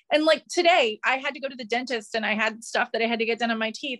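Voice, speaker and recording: A woman's voice: on the high side, a bit bright. A woman hosting a casual interview, confidently explaining with examples from home. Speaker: podcast host and parent.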